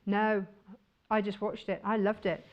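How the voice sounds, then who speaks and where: A woman's voice: mid-range voice, little pitch movement, a little slow, muffled recording. A woman presenting fabrics on a shopping channel, chatty and enthusiastic. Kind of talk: chatty live sales presentation.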